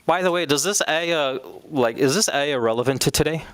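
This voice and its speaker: A man's voice: a little high, moderate pace, a bit bright, no echo. A man teaching an Islamic studies class in a casual, conversational way, now and then acting out quoted speakers.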